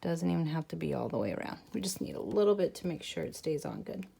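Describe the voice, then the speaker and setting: A woman's voice: sits low, very animated, quick pace, creaky, warm tone, breathy edge. A woman hosting a craft tutorial, chatting casually with viewers as she works. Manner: chatty, talks to viewers while working. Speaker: crafting channel host.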